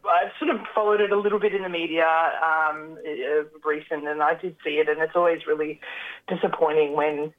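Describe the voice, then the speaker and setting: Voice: medium pitch, steady tone, moderate pace. A guest speaking in a phone interview, hesitant and full of fillers and restarts. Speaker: community organisation representative, guest. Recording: tinny phone line.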